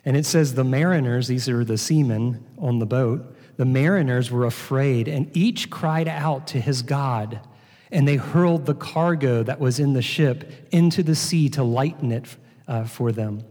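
A man's voice: mid-range voice, unhurried, a little mellow. A man preaching a sermon, reading scripture aloud and then explaining it with rhetorical questions. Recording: long hall reverb.

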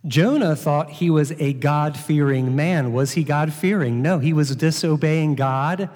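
Male preacher, mellow and dark-toned, sermon with scripture readings, long hall reverb. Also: fairly high pitch, unhurried, faint music behind. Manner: reads scripture aloud, then explains with rhetorical questions.

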